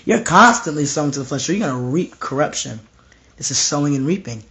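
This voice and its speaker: A young man preaching informally at home, slightly hoarse, intense and repetitive, dropping to hushed tones when he quotes himself or God. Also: a little high, expressive, fast. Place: home room.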